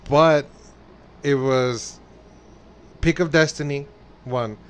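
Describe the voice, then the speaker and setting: A man's voice: mid-range voice, fairly even intonation, slow, slight background noise. A man from El Paso co-hosting a pop-culture podcast in casual chat, rambling with frequent restarts. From El Paso, Texas. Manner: rambling, frequent restarts, quotes voices playfully. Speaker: podcast co-host.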